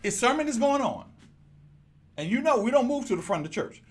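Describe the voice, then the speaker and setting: Preaching with energy, a pastor talks straight to his congregation in a very high, slightly rough voice at a fairly quick clip. He moves a handheld microphone as he goes.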